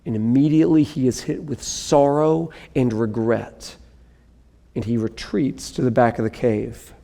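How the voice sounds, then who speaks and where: A man's voice: medium pitch, steady tone, unhurried, vocal fry, dark tone, big-room sound. A man preaching a sermon, reading scripture dramatically and breaking into casual asides to the congregation. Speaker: pastor.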